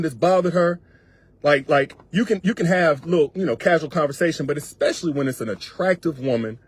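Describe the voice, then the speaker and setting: In a medium-pitched, slightly rough voice, a male relationship coach delivers a monologue of advice aimed right at his viewers. He's colloquial and emphatic, repeating his points.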